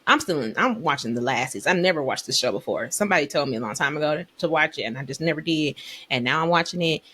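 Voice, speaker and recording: A woman co-hosting a faith podcast, chatting casually in an animated, emotional way. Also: low-pitched, fast, breathy edge. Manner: animated, emotional storyteller, Southern US dialect forms. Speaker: podcast co-host. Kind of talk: casual chat.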